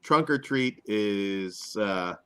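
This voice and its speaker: Animated man, hoarse, drifting into mumbles. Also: lowish voice, drawn-out words. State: voice going hoarse. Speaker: podcast co-host. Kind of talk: casual banter.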